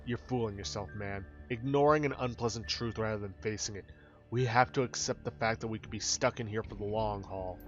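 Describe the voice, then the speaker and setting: A man's voice: fairly low pitch, fairly quick, a bit bright, highs cut off, faint music behind, close to an everyday voice. A man voicing a blunt, grim survivor who argues in a matter-of-fact way. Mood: insistent.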